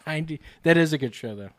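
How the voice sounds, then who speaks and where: A man co-hosting a comedy podcast, delivering absurd jokes in a deadpan way. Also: a little high, a little hiss or hum. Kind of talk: casual podcast banter.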